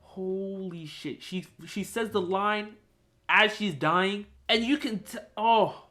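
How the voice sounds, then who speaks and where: A young man hosting a podcast, retelling a film scene in an excited, animated, casual way. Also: high voice, takes it slowly. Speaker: podcast host. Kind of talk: casual chat.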